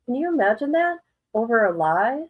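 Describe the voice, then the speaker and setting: A woman's voice: on the high side, sing-song, moderate pace, phone-quality sound. A middle-aged woman chatting casually on a live stream as a commentator, rambling and emotional, often breaking into exclamations.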